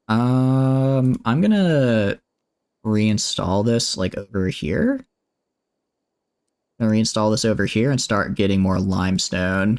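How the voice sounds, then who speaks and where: A young man streaming a game, chatting with viewers in a relaxed, jokey way while he plans his builds. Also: fairly low pitch. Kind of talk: casual gameplay commentary chatting with viewers.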